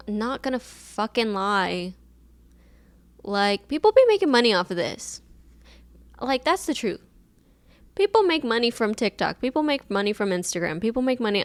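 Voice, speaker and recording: A woman's voice: on the high side, lively intonation, normal speed, no echo. A young woman in her twenties hosting a casual solo podcast, telling a personal story in a chatty, emotional way with lots of fillers, recorded on a camera mic. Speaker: podcast host.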